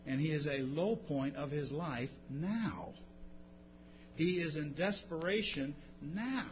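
A man preaching a sermon, moving from quiet explanation to loud, emphatic declarations. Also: a little high, slow pace. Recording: dull lo-fi sound with faint hum.

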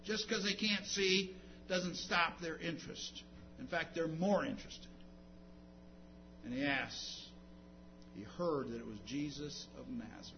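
A man preaching a sermon, swinging between loud emphatic passages and low, intimate storytelling. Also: measured pace, pauses often. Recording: dull lo-fi recording with background hum.

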